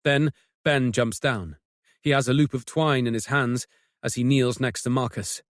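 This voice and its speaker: A man narrating a mystery audiobook with measured, tense storytelling. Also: medium pitch, no room sound, clean studio sound. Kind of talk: scripted narration.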